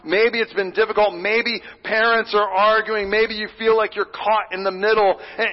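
Male pastor, high voice, earnest sermon, pleading then whispering, long church reverb, dull audio. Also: little pitch movement, moderate pace, hardly any pauses. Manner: earnest, swinging from loud pleading to hushed whispers.

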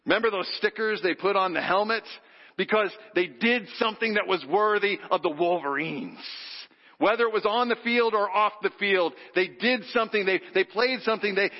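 A man preaching a sermon, animated, leading the congregation in call-and-response. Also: high voice. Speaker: pastor. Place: church sanctuary. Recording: dull sound with long hall reverb.

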